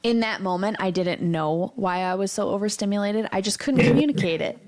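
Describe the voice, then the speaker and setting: A woman at a mid-range pitch speaks as a guest in a candid podcast chat. She tells a personal story and acts out what others said in bits of dialogue. Her voice stays conversational and open throughout. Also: brisk, darkish tone.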